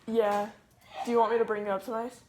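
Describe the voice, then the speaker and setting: A woman's voice: a little high, level tone, fast. A teenage girl vlogging casually from her home kitchen, joking and self-deprecating, filmed on a phone. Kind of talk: casual cooking vlog. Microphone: phone camera. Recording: echoey room, faint noise.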